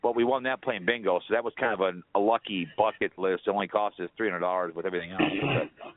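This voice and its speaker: A man's voice: lowish voice, steady tone, quick pace. A man calling in to a radio talk show, joking and rambling. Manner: rambling, jokey, puts on a Southern drawl. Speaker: caller. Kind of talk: casual call-in chat, joking. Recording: tinny phone line.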